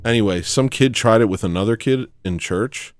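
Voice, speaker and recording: A man hosting a comedy livestream, rambling deadpan through absurd asides. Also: lowish voice, moderate pace.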